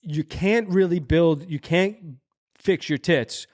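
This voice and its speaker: A man's voice: a little high, takes it slowly, darkish tone. A man co-hosting a podcast in casual chat, teasing his partner and prompting him with questions. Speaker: podcast co-host.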